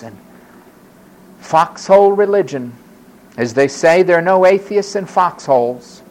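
A man's voice: high voice, measured pace, pauses often, darkish tone, low-quality recording. A man preaching a sermon, who acts out the voices of the people he quotes.

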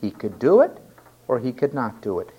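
A man preaching a sermon, stressing key words loudly and then dropping to quiet asides. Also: mid-range voice, very animated, normal speed, slightly rough, muffled recording. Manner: emphatic, swinging between loud stresses and quiet asides.

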